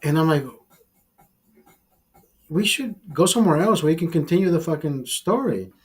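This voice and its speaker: A man's voice: on the high side, lively intonation, moderate pace, pauses often, husky. A man hosting a livestream, telling a crude, bitter story with heavy swearing. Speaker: livestream host. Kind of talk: profane storytelling rant.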